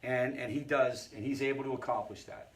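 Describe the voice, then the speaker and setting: A man's voice: mid-range voice, fairly even intonation, brisk. A man who leads a family recovery group, teaching in a conversational way and often checking in with the audience. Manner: conversational, storytelling asides.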